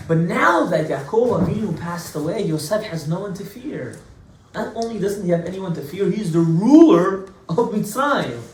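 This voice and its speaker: A man, a rabbi, giving an informal Torah class with animated storytelling, swinging his pitch and loudness for emphasis. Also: reverberant, far from the mic, low-quality recording. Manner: talks to class, asides to listeners.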